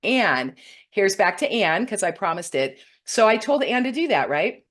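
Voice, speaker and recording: A middle-aged woman with a medium-pitched, sing-song voice speaks at a normal speed as a spiritual teacher hosting her weekly broadcast. She gives viewers a heartfelt spiritual talk, earnest and warm-hearted, often turning tearful when something moves her.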